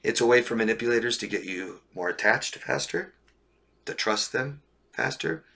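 Blunt gravelly-voiced male coach. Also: medium pitch, lively intonation, normal speed, bright, forceful tone. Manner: blunt, repetitive, asks "right?" and "okay?". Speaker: relationship coach. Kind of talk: live stream Q&A, reading viewer questions.

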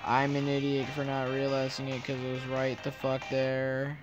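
A man's voice: mid-range voice, completely flat delivery, normal speed, highs cut off, over music. A man giving casual gameplay commentary, sarcastic and swearing often. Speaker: let's play gamer.

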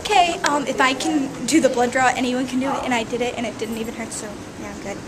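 A woman's voice: a little high, fairly even intonation, quick pace, a crowd in the background. A teenage girl chatting casually on her own vlog, giggly and chatty. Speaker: vlogger. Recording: noisy home camera audio.

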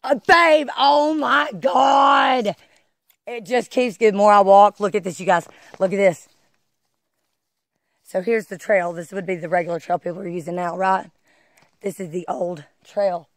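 A woman's voice: medium pitch, fairly even intonation, moderate pace, darkish tone, no echo. A woman vlogging outdoors on a wooded trail, filming on her phone as she walks and eagerly urging viewers to look. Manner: breathless exclamations, keeps urging viewers to look. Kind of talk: excited walking vlog. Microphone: phone held while walking.

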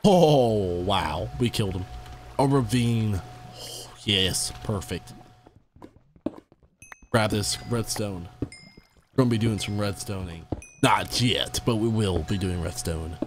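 A man's voice: on the low side, slow pace, long pauses, background noise. A young man giving casual, playful commentary as he plays a game, talking to the creatures he meets. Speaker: gamer.

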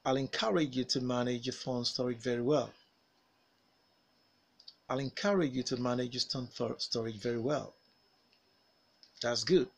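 A man teaching a pronunciation lesson, saying vowel sounds and model words with careful, drawn-out articulation and pausing for learners to repeat after him. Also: medium pitch. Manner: over-articulated, drilled with pauses for repetition. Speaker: phonics teacher. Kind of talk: slow, deliberate pronunciation lesson.

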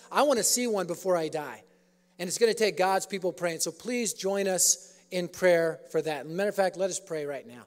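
A man's voice: high voice, clean tone. A man preaching a sermon in an auditorium, telling a story with humor. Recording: echoey auditorium.

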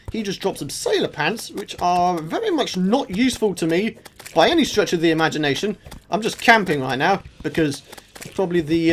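A young man commentating his own gameplay, excitable and shouting at enemies as he fights. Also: high voice, slight background noise. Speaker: gaming YouTuber. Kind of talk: let's play commentary.

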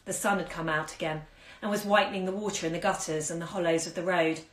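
A woman's voice: fairly low pitch, steady tone. Woman reading a story in an echoey room. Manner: measured storytelling with acted dialogue. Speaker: bookshop owner reading aloud. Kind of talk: reading a short story aloud. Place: indoors at home during lockdown. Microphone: phone on a live stream. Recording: echoey room on a phone stream.

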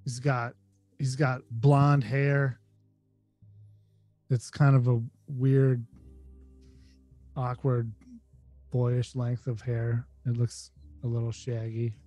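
A man narrating a tabletop game as game master, halting and restarting as he talks. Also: medium pitch, little pitch movement, warm tone. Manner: halting, many fillers and restarts. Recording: dry close mic, faint music.

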